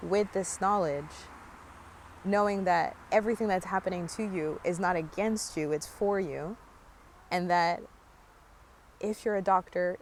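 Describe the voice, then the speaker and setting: A woman's voice: lowish voice, a little hiss or hum. A young woman musing earnestly outdoors in a park, talking casually about spiritual growth with many fillers. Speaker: spiritual vlogger. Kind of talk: casual reflective monologue.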